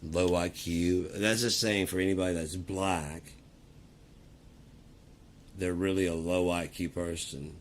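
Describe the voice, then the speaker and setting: A man's voice: low-pitched, steady tone, slow, long pauses, a little hiss or hum. A man ranting in a casual, profane and rambling way, talking to the camera. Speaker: vlogger. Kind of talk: casual rant.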